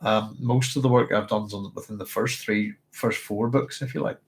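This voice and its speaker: A man's voice: on the low side, steady tone, moderate pace. A man hosting a book club, chatting casually and reading passages aloud, with a thoughtful, rambling manner full of fillers and self-corrections.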